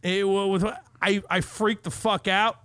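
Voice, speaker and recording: A man spins a profane, animated story on a podcast. His voice sits high, and the sound is dry and close. He swears constantly and acts out every quoted line. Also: unhurried, clean tone, dry recording. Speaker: podcast co-host. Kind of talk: casual storytelling chat.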